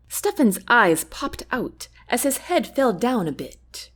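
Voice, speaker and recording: Woman reading a novel aloud, clear storyteller voice, pitch goes up and down a lot. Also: very animated, slow, hardly any pauses. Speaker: audiobook narrator. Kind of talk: scripted storybook narration.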